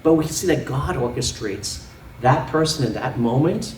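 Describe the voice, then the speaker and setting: Animated man preaching in a roomy church. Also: mid-range voice, moderate pace, recorded from a distance, a little hiss or hum. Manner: animated, laughing often, with sound effects and props. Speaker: pastor. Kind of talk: sermon. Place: church sanctuary.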